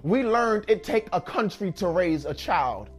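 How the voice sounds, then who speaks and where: A man's voice: sits high, expressive, unhurried, husky, pitched above the performer's own voice, full character voice. A man in a spoken-word poem voicing a stern mother who scolds and warns a boy sharply. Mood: scolding.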